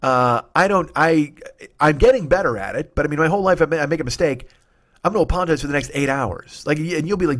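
A man in his forties hosting a comedy podcast, telling a rambling story, profane and excitable, often cutting himself off. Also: fairly high pitch, fast. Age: 40s. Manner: profane, excitable, self-interrupting.

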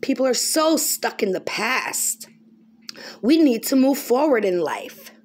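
A woman vlogger giving an emphatic, preachy monologue, often pausing to ask "okay?". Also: on the high side, big pitch swings, a little mellow. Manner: emphatic, repetitive, keeps asking okay. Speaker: spiritual vlogger.

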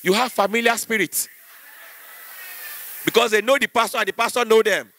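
Nigerian male comedian, church stand-up, high-pitched, crisp bright tone, lively delivery with shouts. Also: moderate pace, a little hiss or hum. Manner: animated storytelling, acting out voices, rising to shouts.

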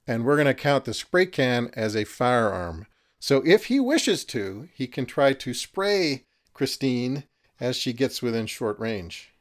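A man's voice: mid-range voice, very animated, unhurried. Chatty man running a tabletop game. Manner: chatty, laughs at his own jokes. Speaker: game master. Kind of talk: narrating a tabletop miniatures game.

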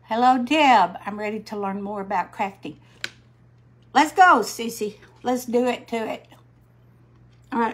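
An older woman, chatting slowly on a craft livestream, greeting viewers by name while she paints. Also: on the high side, breathy edge. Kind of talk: casual live-stream chat while painting.

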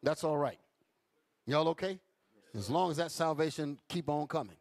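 A man's voice: a little high, normal speed. A man teaching a Bible class in an emphatic preaching style, calling out to his listeners. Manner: emphatic, calls out to the audience.

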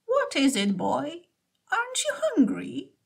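A woman's voice: high-pitched, huge pitch swings, a little slow, gravelly, pitched above the performer's own voice, full character voice. A woman voicing a kindly old woman who feeds stray dogs, speaking in a sweet, coaxing way.

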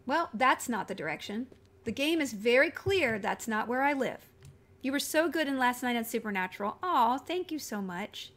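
A woman's voice: on the high side, a bit bright. A woman live-streaming a video game in casual, chatty talk, scattered and reading viewer comments aloud as she goes.

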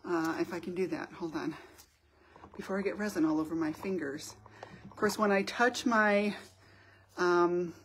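Friendly middle-aged woman art teacher, casual live-stream host, chatty and quick to laugh, faint background hiss. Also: fairly low pitch. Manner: chatty, laughs often, greets viewers by name. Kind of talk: casual live craft demo. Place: home art studio.

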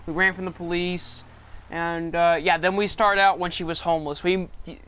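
A man's voice: high voice, flat delivery, normal speed, pushed and bright, clear, resonant tone. A man talking casually over gameplay, rambling with many restarts as a gaming channel host.

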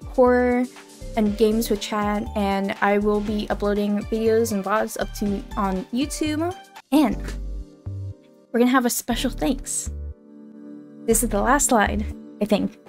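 A young woman chats on a live stream, bubbly and gushing and scattering "like" through her sentences. Her pitch sits in an ordinary middle range. A faint music bed plays behind her. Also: fairly even intonation, a little slow, pauses often. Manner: bubbly, gushing, heavy use of filler "like". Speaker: VTuber streamer. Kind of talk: casual live-stream chat.

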